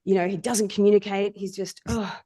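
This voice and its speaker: A woman voicing an excited, middle-aged corporate wife who urgently repeats herself. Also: mid-range voice, fairly quick, slightly rough, close to an everyday voice.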